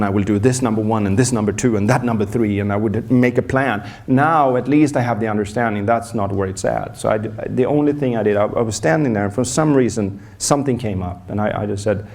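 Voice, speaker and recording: A man's voice: medium pitch, fast talker, few pauses. Man on a conference stage telling a story, jokes at his own expense, stumbles and restarts. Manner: animated storyteller, acts out scenes, frequent restarts; self-deprecating humor. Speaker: performance coach.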